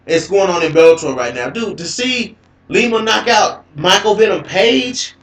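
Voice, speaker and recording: Dude hosting a fight talk stream, kinda high voice, rambly and cussing, echoey audio. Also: male voice, moderate pace. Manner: rambling, repeats words, profane, excitable. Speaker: host of MMA talk show. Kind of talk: casual live-stream commentary.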